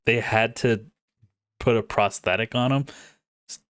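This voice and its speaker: A man's voice: medium pitch, steady tone, unhurried, fairly bright tone, no room sound, studio quality. A man from Canada joining a casual film podcast, amused and chuckling often. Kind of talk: casual chat.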